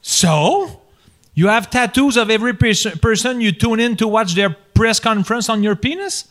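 A man's voice: high voice, lively intonation, moderate pace, fairly bright tone, voice pushed up. Give me a hesitant, nervous vice president, as a man plays him. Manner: hesitant, fumbling, rising in surprise. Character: nervous male vice president confessing to his boss. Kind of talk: reading a comedy sketch script.

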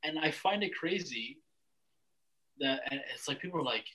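Bright-voiced blunt young man. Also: on the high side, expressive, normal speed, rough recording. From Canada. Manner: blunt, swears freely, rambling restarts. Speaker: podcast host. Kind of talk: casual chat.

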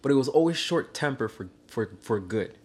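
A young man in a casual chat, telling an animated, slangy story and acting out the lines of people in it. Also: mid-range voice, normal speed, husky.

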